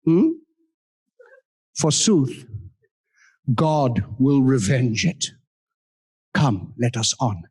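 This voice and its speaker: A man playing a scheming hunchbacked king, speaking Shakespearean lines slowly and gravely on stage. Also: expressive, darkish tone, heavily acted. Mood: sinister. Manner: slow, low Shakespearean stage delivery. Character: scheming hunchbacked medieval king, grim and sly.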